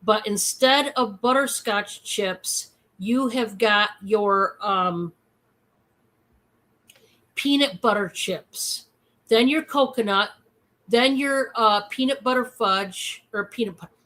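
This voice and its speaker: This is a woman selling products on a relaxed live stream, bubbly and talkative with plenty of filler words. Her pitch is medium, her pace slow.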